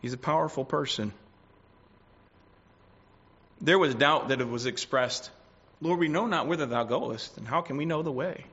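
A man preaching a sermon, swinging between loud declarations and quiet asides. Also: a little high, normal speed, long pauses, husky. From United States. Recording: dull lo-fi recording.

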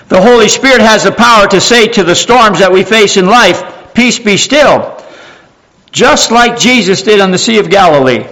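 A man preaching a sermon, emphatic, repeating key phrases slowly and dropping to hushed tones. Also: high voice, rough recording.

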